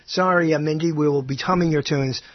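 A man's voice: a little high, fairly even intonation, fairly quick, dry recording. A man co-hosting a casual chat, joking and laughing often as he reads through a list. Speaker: co-host. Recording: dull lo-fi sound.

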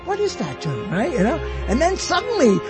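A man's voice: very high voice, huge pitch swings, a little fast, over music. A man hosting a talk show in casual chat, rambling and trailing off mid-thought. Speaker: show host.

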